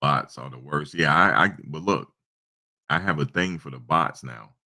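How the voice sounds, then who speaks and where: Super deep voiced guy rambling on his stream, aave, lots of restarts, bright punchy tone, desk mic. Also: normal speed. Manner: rambling storytelling with many restarts. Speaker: channel host. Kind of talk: casual live-stream chat. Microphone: desktop USB microphone.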